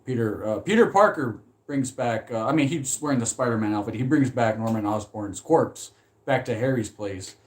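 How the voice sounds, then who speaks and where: A man chatting casually about films in a loose, rambling way. He gets animated, swears freely, and laughs often between thoughts. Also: mid-range voice, moderate pace. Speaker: movie commentary vlogger. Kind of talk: casual chat.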